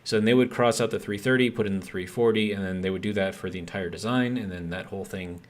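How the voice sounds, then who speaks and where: A man's voice: fairly low pitch, fast. A man streaming a game, telling a long, exasperated work story in a rambling, casual way with lots of fillers. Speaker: gaming streamer. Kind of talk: casual ranting chat while gaming.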